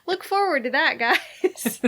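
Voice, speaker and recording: A woman's voice: sits high, expressive, takes it slowly, bright, forceful tone. A young pregnant woman co-hosting a movie review show, chatting casually with plenty of laughter and teasing. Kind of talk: casual chat.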